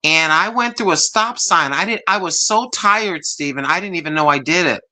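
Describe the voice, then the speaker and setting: Bright-voiced chatty woman hosting a stream. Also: lowish voice, normal speed. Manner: chatty, animated storyteller who laughs often. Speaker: live stream host. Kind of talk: casual live stream chat.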